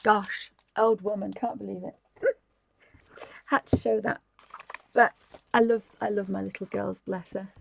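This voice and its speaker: A woman's voice: mid-range voice, level tone, measured pace, creaky, pauses often, rough recording. A woman, chatting casually and giggling as she hosts a live stream. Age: 50s. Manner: chatty and giggly, rambling with restarts. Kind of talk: casual chat, showing things to camera.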